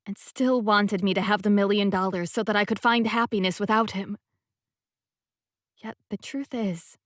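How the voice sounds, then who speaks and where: A woman narrating a first-person romance audiobook in a soft, intimate voice that often drops to a hush. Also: mid-range voice, no room sound, studio quality.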